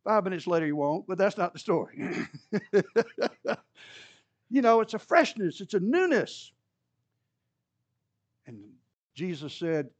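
A male pastor preaching an animated sermon, mixing scripture explanation with humorous asides. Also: high-pitched, slow pace, pauses often, dry recording, lo-fi sound.

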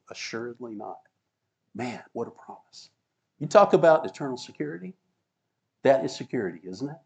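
A man's voice: medium pitch, big pitch swings, moderate pace, vocal fry, pauses often. A man preaching a sermon, explaining scripture and reading verses aloud with emphasis. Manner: teaching, reads scripture aloud, emphatic, chuckles. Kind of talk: sermon with slides.

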